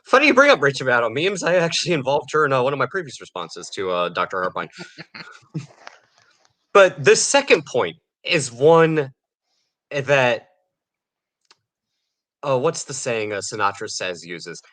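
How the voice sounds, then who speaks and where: A man co-hosting a casual banter podcast, his voice bright and forceful. He picks apart news items with dry sarcasm and often chuckles between his points. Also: mid-range voice, sing-song, normal speed, pauses often. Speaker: podcast co-host.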